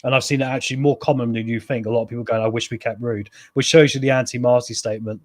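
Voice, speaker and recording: A man's voice: mid-range voice, fairly even intonation, very fast. A man co-hosting a football fan chat, blunt and opinionated. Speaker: fan channel co-host. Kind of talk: casual football podcast chat.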